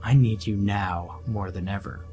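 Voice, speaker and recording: A man's voice: lowish voice, measured pace, dark tone, faint music behind, lightly acted. A man playing a smug, scheming middle-aged doctor who talks sarcastically and condescendingly.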